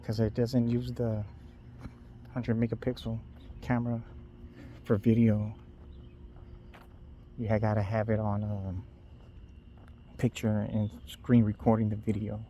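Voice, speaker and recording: A man's voice: on the low side, level tone, mellow, slight background noise. Rambling man on a night walk. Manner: loose, unhurried rambling with trailing restarts. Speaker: vlogger. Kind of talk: casual rambling walk-and-talk. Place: outdoors at night on a street. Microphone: phone held in hand.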